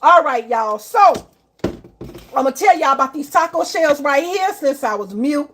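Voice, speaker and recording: Woman, high voice, live cooking stream host, chatty, calls viewers y'all and baby. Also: lively intonation, unhurried, fairly bright tone, slight background noise. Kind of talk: casual live-stream chat.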